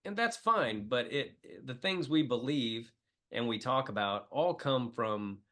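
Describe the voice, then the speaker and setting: A man's voice: medium pitch, animated, takes it slowly, pushed and bright. A middle-aged man from the Midwest, a comedian talking as a podcast guest, telling emotional stories with many fillers. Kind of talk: casual interview chat.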